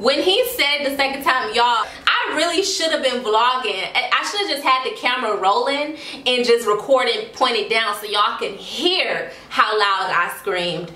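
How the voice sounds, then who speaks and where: An American woman tells a storytime vlog, animated and dramatic, tossing in slangy asides. Her voice sits high and sounds bright and sharp. The room around her rings with echo. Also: measured pace, a little hiss or hum. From United States. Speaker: vlogger.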